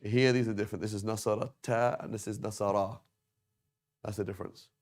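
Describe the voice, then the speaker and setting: A man's voice: on the low side, steady tone, brisk. A man teaching a grammar lesson at a whiteboard, explaining patiently and checking in often with "right?" and "okay?". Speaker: Arabic teacher. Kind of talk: classroom lesson on verb conjugation.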